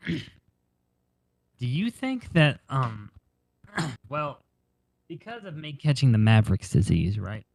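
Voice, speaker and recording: A man's voice: medium pitch, big pitch swings, takes it slowly, gravelly, long pauses, darkish tone, dry recording, heavily acted. A man playing an eager goofy robot doctor. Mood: pleading. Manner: eager, playful.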